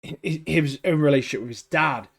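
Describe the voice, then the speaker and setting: Bloke co-hosting a chatty podcast, blunt and opinionated, says mate a lot. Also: male voice, a little high, moderate pace, creaky, breathy edge. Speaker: podcast co-host. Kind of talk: casual chat reviewing a TV show.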